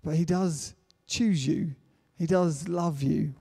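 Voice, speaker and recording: A man's voice: fairly high pitch, takes it slowly, dark tone, breathy edge. A man preaching a sermon in an earnest way, building to emphatic declarations. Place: church hall. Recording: church hall reverb.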